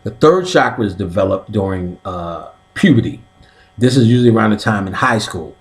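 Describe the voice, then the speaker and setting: A man with a lowish voice gives a comedic lecture on spiritual topics, as a teacher would. He is profane and chatty, and his pitch swings widely as he keeps checking in with the room. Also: expressive, brisk. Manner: profane, conversational, keeps asking "you know what I'm saying"; explains step by step, like a teacher. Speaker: comedic occult class teacher. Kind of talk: stand-up style comedic lecture.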